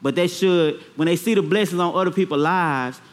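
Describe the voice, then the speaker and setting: A man's voice: sits high, brisk. A man preaching a sermon, repeating phrases and drawing out emphatic words, with call-and-response.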